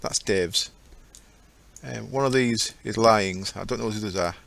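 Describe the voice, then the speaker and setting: A man's voice: on the low side, moderate pace, vocal fry, fairly bright tone, dry recording. A man giving casual, rambling commentary over his own gameplay, often correcting himself as he goes. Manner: chatty, rambling, self-correcting. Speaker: gaming channel host.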